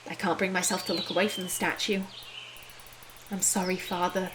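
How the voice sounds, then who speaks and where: A woman's voice: on the low side, level tone, moderate pace, background noise, pitched below the performer's own voice, natural voice. Woman reading a thoughtful young heroine. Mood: reflective. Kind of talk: voiced game reading.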